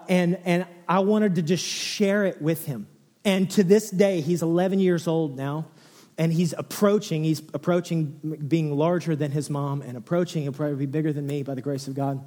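Animated male preacher in a reverberant hall. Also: normal speed. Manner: animated storyteller, swings from low and hushed to excited near-shouts. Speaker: pastor. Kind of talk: sermon.

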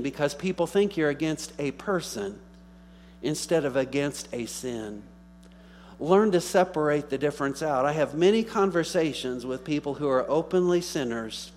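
Pastor guy preaching a sermon, gets loud then goes quiet and chatty, bit of mains hum behind. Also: on the high side. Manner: preaching with rising emphatic bursts and quiet asides.

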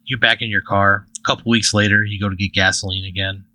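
A man's voice: lowish voice, flat delivery, fast talker, bright, forceful tone, no echo. A man narrating a tabletop game as game master, telling the scene in a casual, vivid way.

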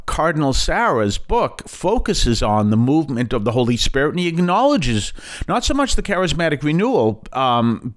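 A man with a Boston accent, a Catholic priest hosting a radio talk show in a chatty, digressive way with light self-deprecating asides. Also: medium pitch.

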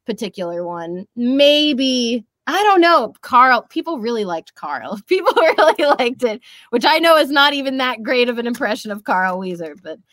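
A bubbly young woman voice actress chatting loosely in an interview and rambling through her fillers. Her voice sits fairly high. The sound is close and dry, with no room around it. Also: very animated, moderate pace, hardly any pauses, a bit bright, no echo. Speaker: voice actress and social media creator. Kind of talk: casual interview chat.

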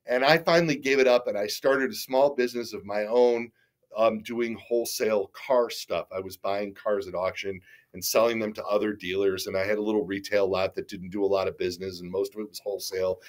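A fairly low-pitched male voice with fairly even intonation moves a little fast. The speaker is a middle-aged guest in a casual interview, rambling through stories with frequent restarts and stammers, candid and self-deprecating, swearing casually.

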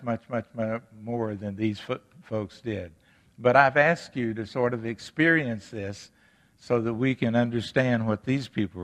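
A man's voice: medium pitch, fairly bright tone, long reverb tail. A man preaching a sermon to his congregation, earnest, asking rhetorical questions and reading scripture aloud. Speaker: pastor. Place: church sanctuary.

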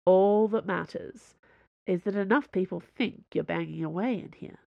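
A woman's voice: medium pitch, moderate pace, vocal fry, dry recording, muffled recording, close to an everyday voice. A woman reading the lines of a sarcastic, smirking male intruder in an audiobook, with a teasing, smug delivery.

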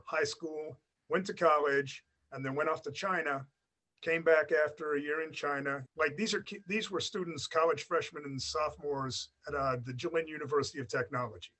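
A man's voice: on the high side, fairly bright tone. A man in his forties, raised in Australia by an American family, with a blended American-Australian accent, telling his story in a rambling, chatty way with many fillers. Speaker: guest. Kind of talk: casual storytelling interview.

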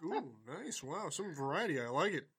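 Male podcast host, a bit higher register, loose rambling delivery, casual. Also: big pitch swings, moderate pace, fairly bright tone, breathy edge. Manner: rambling, easygoing, filler-heavy. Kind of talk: casual chat, beer reviews.

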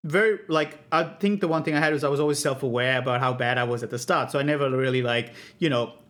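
A man's voice: mid-range voice, fast, a bit bright. A man in his thirties telling stories in casual chat, rambling and self-deprecating, often laughing at himself. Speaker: comedian guest on a podcast.

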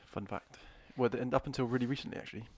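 A man's voice: mid-range voice, steady tone, racing, a little mellow. A man co-hosting a casual podcast chat, jokey and playful as he tries out silly accents. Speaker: podcast co-host.

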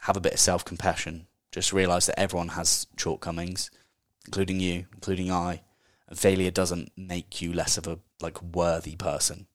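A man's voice: deep voice, no room sound, studio quality. A man hosting a casual solo podcast, talking in a chatty, candid way and swearing offhandedly. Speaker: podcast host.

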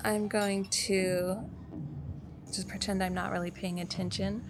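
A woman's voice: mid-range voice, flat delivery, a little slow, music in the background. A woman playing a tabletop game, playful and giggly as she describes her moves. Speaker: player.

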